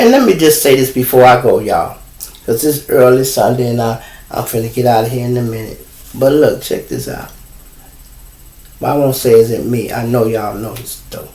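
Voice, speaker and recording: Gravelly middle-aged Chicago man ranting. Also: mid-range voice. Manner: blunt, profane, preachy, addresses viewers as y'all. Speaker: show host. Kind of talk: casual livestream monologue. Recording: roomy echo.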